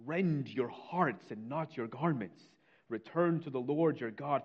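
A man preaching a sermon, reading scripture slowly and telling a story with earnest feeling. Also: medium pitch, darkish tone, husky, lo-fi sound. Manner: earnest preaching, slows on scripture, drops to near whisper. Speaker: pastor.

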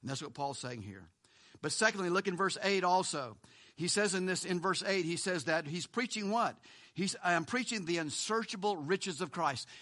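High, bright-voiced man preaching. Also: animated, normal speed. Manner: preaching with sudden swings between loud and hushed; conversational, with asides and chuckles. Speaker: pastor. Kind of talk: sermon.

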